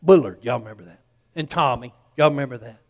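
A man's voice: medium pitch, fast, creaky, big-room sound. A man, preaching a sermon in a folksy storytelling way and acting out the people in his story.

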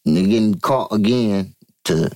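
Man telling a street story animatedly. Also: moderate pace. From Vallejo, California. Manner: animated, profane, acts out quotes in a higher voice. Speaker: interview guest. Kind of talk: casual storytelling.

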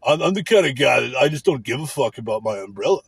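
A man's voice: mid-range voice, very animated, fast, vocal fry, slightly rough, no echo, exaggerated voice. A man putting on the voice of a douchey middle-aged male coworker who tries to sound cool, drawling and fake-casual. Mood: smug.

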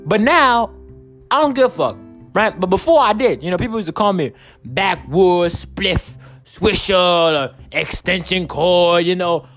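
A young man talks into his own podcast in a loose, rambling monologue, swearing freely and sounding worn out. His pitch swings widely as he gets worked up. Faint guitar music sits underneath his voice. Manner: profane, rambling, animated. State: tired. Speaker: podcast host. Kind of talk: casual solo podcast monologue.

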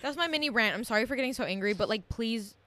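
A woman's voice: on the high side, animated, quick pace, bright, forceful tone, a little hiss or hum. A young woman co-hosting a podcast in casual chat, blunt and profane as she rants. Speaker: podcast co-host.

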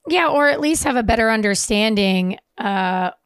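A woman co-hosting a podcast, speaking earnestly and reflectively with frequent fillers. Her voice sits a little high. The recording is dry. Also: expressive, normal speed, smooth, no echo. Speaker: podcast co-host. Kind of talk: casual chat.

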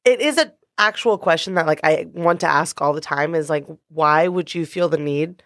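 A woman's voice: deep voice, moderate pace, no room sound, studio quality. A woman co-hosting a podcast in casual chat, talking in a loose way full of fillers. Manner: chatty, lots of fillers. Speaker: podcast co-host.

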